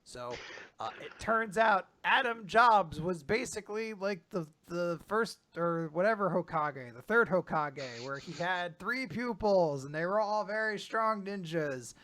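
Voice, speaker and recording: A man's voice: high voice, animated, a little slow, fairly bright tone. A man on a podcast casually recapping manga chapters, retelling scenes and quoting lines, often laughing. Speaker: podcast host.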